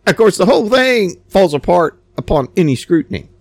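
A man's voice: high-pitched, sing-song, a little fast, hardly any pauses, no echo. A man giving a rambling, sarcastic opinion monologue, stammering and repeating himself. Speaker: commentator.

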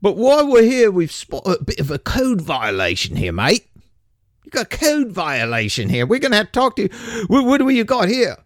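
A man's voice: high voice, steady tone, normal speed, gravelly, hardly any pauses, darkish tone, no echo, clean studio sound, voice pushed up. A man voicing an eager, self-important British police officer, with an exaggerated put-on British accent. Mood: officious.

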